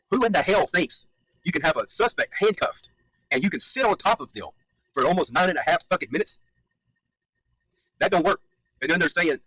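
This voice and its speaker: Male commentator, fired up and emphatic, a touch higher-pitched, swears freely. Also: a bit bright, dry recording, poor audio. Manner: heated, emphatic, repeats points, swears. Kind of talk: reaction commentary.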